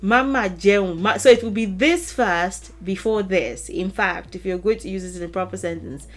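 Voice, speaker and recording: A female language teacher gives a casual lesson to camera in a mid-range voice, with faint music behind her. She speaks deliberately, repeating example phrases with stretched emphasis and laughing lightly between points.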